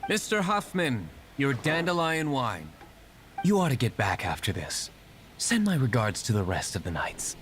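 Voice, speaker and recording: A man's voice: mid-range voice, wildly swooping pitch, moderate pace, fairly bright tone, slight background noise. An actor playing a brooding young male tavern owner in a video game, speaking curtly with dry sarcasm. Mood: composed.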